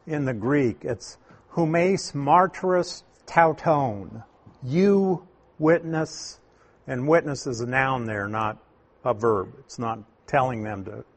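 A man teaching from the Bible, explaining Greek wording in a deliberate, emphatic way and asking rhetorical questions. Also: mid-range voice. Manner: emphatic, repeats key points, asks rhetorical questions; slow, deliberate delivery with stressed words.

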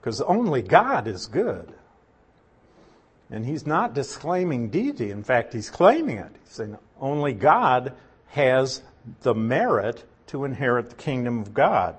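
A man's voice: mid-range voice, very animated, unhurried, slightly rough. A man preaching a sermon, reading a scripture passage aloud and then explaining it verse by verse. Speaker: pastor.

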